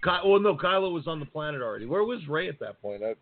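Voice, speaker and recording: Animated man with a tinny phone-like sound. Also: on the high side, fast. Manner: animated, profane, acts out quotes. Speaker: podcast co-host. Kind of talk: casual chat.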